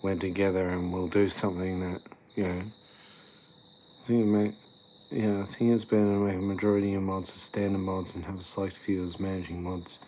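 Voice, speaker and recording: A man's voice: low-pitched, little pitch movement, brisk, darkish tone, slight background noise. A tired young man, chatting casually on a live stream, rambling with lots of fillers as he reads and answers chat. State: tired after the gym.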